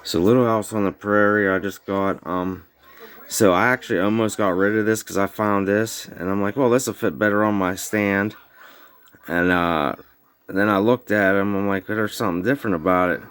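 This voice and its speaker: A man's voice: lowish voice, fairly even intonation, normal speed, fairly bright tone, clear, resonant tone. A man casually showing off his tape collection at home, rambling with lots of fillers and loose grammar, slightly slurred from snuff in his mouth. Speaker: VHS collector vlogger. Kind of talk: casual show-and-tell. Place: home bedroom.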